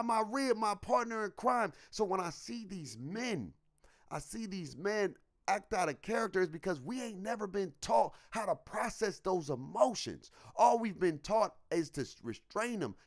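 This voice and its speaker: A young man talks on a podcast in loose, slangy speech and acts out the lines people said to him. His voice sits high and swings widely in pitch as he tells the story. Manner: animated, slangy, acts out quotes. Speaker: podcast co-host. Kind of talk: casual storytelling chat.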